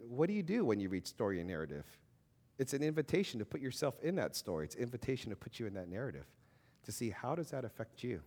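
Thirties male Christian speaker, casual and animated, swings pitch widely, lots of fillers. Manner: animated, conversational, with many fillers and acted-out quotes. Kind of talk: informal faith talk.

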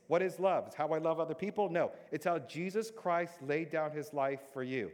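A man preaching a sermon in a conversational way, moving between emphatic bursts and quiet, hushed stretches. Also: on the high side, expressive, a little fast, few pauses. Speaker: pastor. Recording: long reverb in a big hall.

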